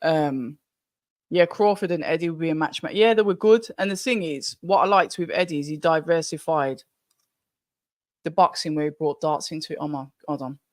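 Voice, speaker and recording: Excitable woman hosting a live watch-along. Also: low-pitched, normal speed, no echo. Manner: excitable, chatty, talks straight to viewers. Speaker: livestream watch-along host. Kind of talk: excited live stream commentary.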